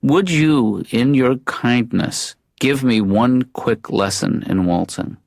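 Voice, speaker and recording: An actor playing a mild middle-aged male therapist in an animated sitcom, with a soft deadpan delivery. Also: medium pitch, takes it slowly, creaky, no room sound, studio quality. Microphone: dry studio mic.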